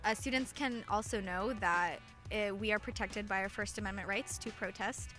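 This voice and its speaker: A woman's voice: medium pitch, fairly even intonation, moderate pace, sharp tone, soft background music. A teenage girl organizing a student walkout, answering interview questions earnestly with some filler uhs. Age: teens.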